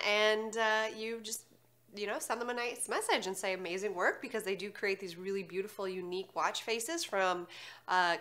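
Nasal, congested woman chatting brightly. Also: medium pitch. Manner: chatty, upbeat storytelling. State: congested from allergies. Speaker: co-host. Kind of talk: casual chat.

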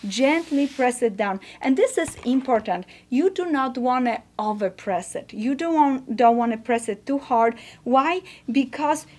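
A woman's voice: sits high, animated, unhurried, hardly any pauses, darkish tone. A woman teaching a quilting demonstration, gushing and encouraging, often exclaiming how wonderful each step is. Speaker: quilting teacher and show host. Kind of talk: instructional demonstration.

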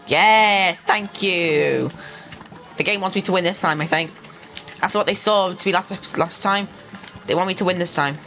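A young man giving excitable let's-play commentary, talking to the game and to his viewers and bursting into yells. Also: sits high, fairly quick, faint music behind, rough recording. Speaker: gaming channel host.

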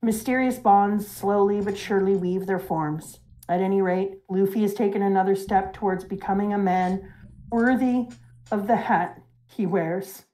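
A woman voicing a gruff older male pirate who looks back on his youth, in a low, quiet and reflective way. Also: fairly even intonation, moderate pace, natural voice, low-quality recording. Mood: wistful.

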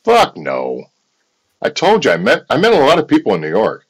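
A middle-aged man from the States rambles through a casual livestream chat, his pitch swinging up and down as he tells stories. He swears freely and talks in loose, run-on bursts at a middle pitch. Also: normal speed, husky, low-quality recording. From United States. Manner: profane, rambling, animated storytelling. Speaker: livestream host.

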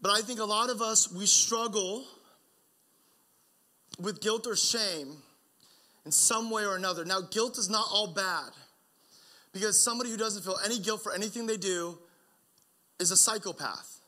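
A man's voice: high voice, moderate pace, pauses often, pushed and bright. A young adult man preaching a sermon as pastor, earnest and conversational, often restarting his sentences.

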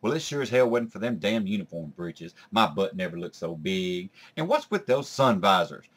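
A man's voice: low-pitched, sing-song, moderate pace. A man playing a crass, gossiping woman in a comedy sketch, telling crude stories. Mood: gossipy. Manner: crude, drawling storyteller.

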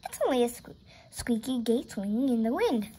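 A woman's voice: a little high, animated, normal speed, warm tone, breathy edge. A woman doing Katie, a brave spirited little girl. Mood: lively. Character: brave, spirited young girl trick-or-treating.

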